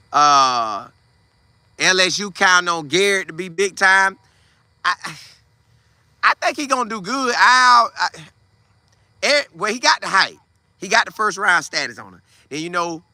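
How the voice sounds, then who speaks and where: A man hosting a casual football commentary show, talking in an animated, slangy way. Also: high voice, dry recording. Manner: animated, trash-talking, Southern Black vernacular slang. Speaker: sports podcast host.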